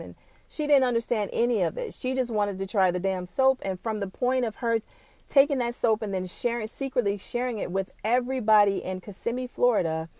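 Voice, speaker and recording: Recorded without echo, a woman of medium pitch and dark tone talks directly to the camera. She's a small-business owner offering blunt, casual motivation laced with swearing, and her emotion shows as she fights back tears now and then.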